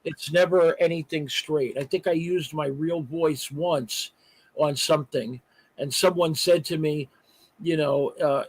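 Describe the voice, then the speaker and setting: This artist and voice actor speaks in a fairly high, breathy-edged voice with a steady tone and a measured pace. He's a guest on a live stream via a remote call, chatting casually in interview fashion with many "uh" fillers and restarts. The audio is poor.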